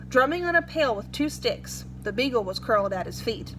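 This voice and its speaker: A woman reading a story aloud in a plain, steady way. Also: on the high side, moderate pace, hardly any pauses, slight background noise, rough recording. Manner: plain, steady reading with an occasional self-correction.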